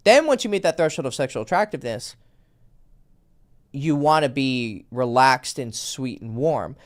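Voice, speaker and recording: A man chatting on a podcast as a dating coach, blunt and casual with easy swearing. His pitch jumps around animatedly as he plays out other people's texts in his stories. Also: moderate pace. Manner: animated storytelling, acts out quoted texts.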